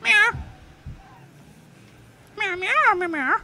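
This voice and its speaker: A man imitating a small, pesky cat with high squeaky meows. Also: animated, very slow, background noise, full character voice. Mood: teasing.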